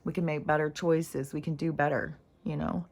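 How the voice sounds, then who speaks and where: A woman's voice: low-pitched, level tone, normal speed, darkish tone, husky. A woman with a runny nose talking in a casual, rambling vlog monologue, self-reflective and full of fillers. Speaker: spiritual vlogger.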